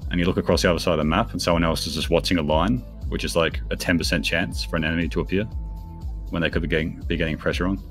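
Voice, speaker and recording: Deep-voiced man commentating esports. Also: faint music behind. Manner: chatty, teasing banter, quick bursts of excitement on plays.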